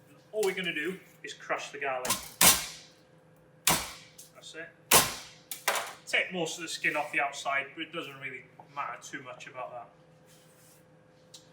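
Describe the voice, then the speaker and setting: A man, a chef, talking through a cooking demonstration step by step in a relaxed way. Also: a little high, a little slow, long pauses, reverberant, heavy background noise. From Wales.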